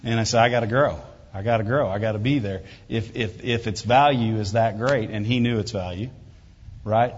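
A pastor preaching a sermon in a conversational way, often asking "Right?" and rising loud and high for emphasis before dropping low and quiet. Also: male voice, moderate pace, slightly rough. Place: church hall. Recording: dull reverberant hall recording.

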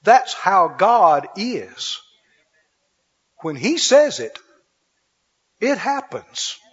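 High, husky-voiced preacher in a reverberant hall. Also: male voice, big pitch swings, very slow, fairly bright tone. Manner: preaching with call-and-response questions to the congregation. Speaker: pastor. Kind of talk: sermon. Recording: dull recording with long hall reverb.

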